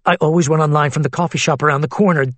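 A man voicing a tense, anxious man on the run, speaking low and hushed in an audiobook. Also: fairly even intonation, very fast, no room sound, lightly acted.

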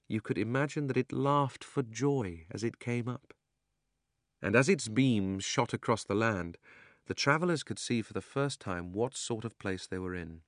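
Low-voiced man reading a storybook. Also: no echo, clean studio sound. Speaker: narrator. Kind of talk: audiobook narration.

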